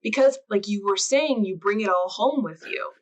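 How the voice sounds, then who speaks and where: A woman's voice: medium pitch, moderate pace, rough recording. A woman hosting a podcast, talking casually in long, chatty run-on sentences. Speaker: podcast host.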